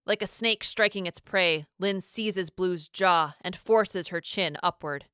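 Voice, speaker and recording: Low, smooth-voiced woman narrator for a dramatic audiobook, close and dry. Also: pushed and bright, no echo. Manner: measured, dramatic storytelling.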